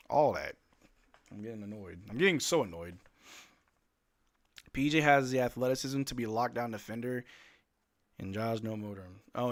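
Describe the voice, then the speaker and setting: A man's voice: mid-range voice, creaky, a bit bright. A young man hosting a live fan watch-along, calling the plays and chatting emotionally with his viewers. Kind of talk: live play-by-play fan commentary.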